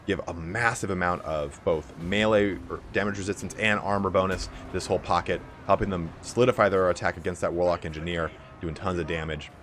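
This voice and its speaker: A young man with a raspy, allergy-hoarse voice giving casual play-by-play commentary on a strategy game match. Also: low voice, fairly bright tone, slight background noise. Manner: casual, fast-flowing play-by-play with fillers. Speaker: game caster.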